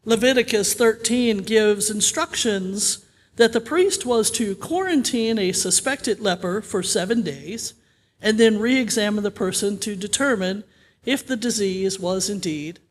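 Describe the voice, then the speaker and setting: High-voiced man preaching in a reverberant church. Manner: conversational storytelling with gentle humor. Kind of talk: sermon. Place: church sanctuary. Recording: long reverb of a church sanctuary.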